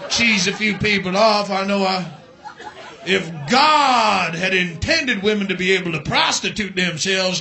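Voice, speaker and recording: A male stand-up comedian delivering a profane, sarcastic rant with shouted bursts, on a club stage with a handheld mic. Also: sits high.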